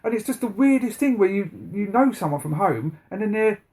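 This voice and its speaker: A man's voice: high voice, animated, a little fast, a little mellow. A man, co-hosting a podcast in casual chat, telling rambling stories and swearing a lot. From England. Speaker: podcast co-host.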